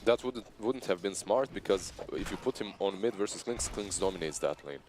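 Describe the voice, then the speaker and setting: A man's voice: sits low, expressive, normal speed, darkish tone, slight background noise. A man with an Eastern European accent giving conversational, analytical esports commentary. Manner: analytical, conversational, laughs easily.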